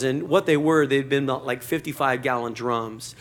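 A man's voice: mid-range voice, normal speed. A man preaching a sermon to a church congregation, conversational and joking, acting out short quotes. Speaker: pastor.

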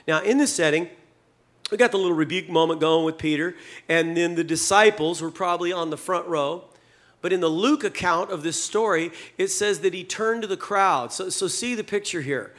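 A middle-aged male pastor preaching a sermon in a conversational, humorous way, acting out the scripture dialogue in lively voices. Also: on the high side, normal speed.

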